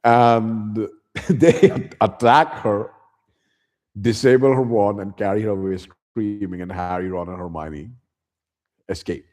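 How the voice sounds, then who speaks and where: A man with a very deep, mellow voice recaps a book as a YouTube host. His telling is loose and slangy, dotted with chuckling asides. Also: slow.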